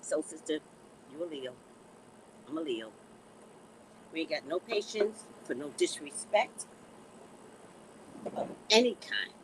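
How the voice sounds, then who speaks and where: Sassy, animated woman vlogging slowly. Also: sits low, a little hiss or hum, poor audio. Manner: animated, drawn-out, repeats "you know"; sassy, blunt. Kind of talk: casual chat to camera.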